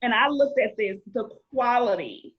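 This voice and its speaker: A woman's voice: on the high side, expressive, moderate pace, highs cut off. Earnest woman telling her story on a podcast. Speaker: playwright and film director guest. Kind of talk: casual podcast interview.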